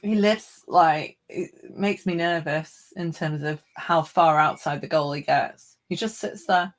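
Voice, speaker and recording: A woman's voice: low voice, a little slow. A woman co-hosting a casual football watchalong chat, chatty and self-deprecating. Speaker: podcast co-host.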